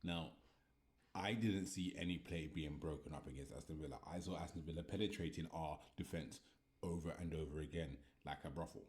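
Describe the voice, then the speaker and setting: Deep-voiced man in a heated football rant. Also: fairly even intonation, brisk, darkish tone. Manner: repetitive, heated, swearing. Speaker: football fan commentator. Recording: echoey room.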